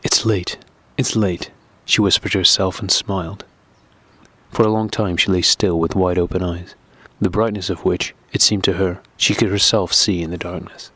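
A man narrating a classic novel audiobook in a steady, measured reading. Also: low-pitched, slightly rough, dry recording.

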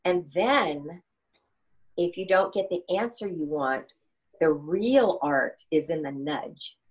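A woman in her sixties, a coach and author, answers interview questions with lively anecdotes. She slips into the voices of the people in her stories, speaking in a somewhat low register. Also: slow, low-quality recording. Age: 60s. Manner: animated, anecdotal, acts out dialogue.

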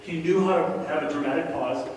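A man's voice: fairly high pitch, a little fast, far from the mic, noisy background. Man preaching in an echoey church hall. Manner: conversational, animated storytelling with asides to the congregation. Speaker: guest preacher. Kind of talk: sermon. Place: church sanctuary.

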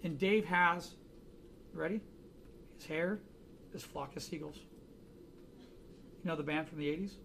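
A man's voice: fairly high pitch, unhurried, gravelly, long pauses, a bit bright, slight background noise. A man teaching a drawing class, chatting casually and joking through anecdotes in front of students. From United States. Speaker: art instructor.

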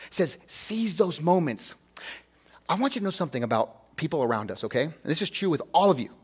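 A man's voice: on the high side, lively intonation, fast talker, husky. A man preaching a sermon as a pastor, earnest and emphatic, talking to the congregation conversationally and asking rhetorical questions.

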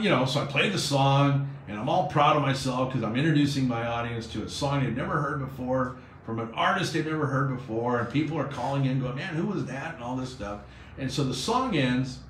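A male radio host spins a story in a lively way, slipping into the voices of the people he quotes. His voice sits in a roomy studio. A faint hiss runs under it. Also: medium pitch.

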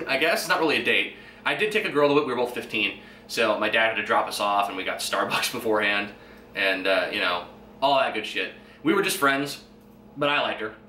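A man's voice: medium pitch, bright, forceful tone. A man in his twenties hosting a podcast, rambling casually and swearing freely. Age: 20s. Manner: rambling and profane, with fillers and chuckles. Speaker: podcast host. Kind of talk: casual solo monologue. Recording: echoey room, faint background noise.

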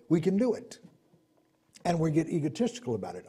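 A man preaching a sermon, swinging between loud emphatic points and low asides, acting out the people he quotes. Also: huge pitch swings, fairly quick, pauses often, slightly rough.

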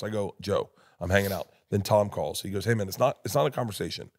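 A man, a comedian guest on a podcast, telling loud rambling stories, acting out other people's voices and laughing often. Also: lowish voice, fast talker. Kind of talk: casual podcast storytelling.

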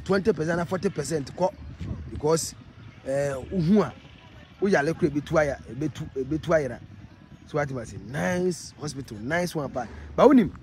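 A Ghanaian-accented man delivers a walking vlog out on a road, his voice sitting somewhat high for a man. He talks emphatically, repeating words and keeping on asking whether you follow. Faint outdoor noise hums behind him. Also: low-quality recording. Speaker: video reporter. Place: outdoors on a road near a hospital.

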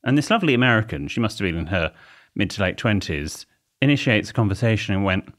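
A man's voice: fairly low pitch, big pitch swings, quick pace, fairly bright tone. A man co-hosting a comedy podcast, telling wry, rambling anecdotes in casual chat. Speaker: podcast co-host.

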